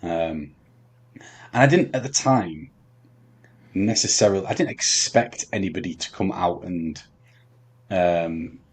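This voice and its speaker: A man telling a long story on a podcast, halting with many ums and restarts. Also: low-pitched, breathy edge. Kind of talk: casual storytelling chat.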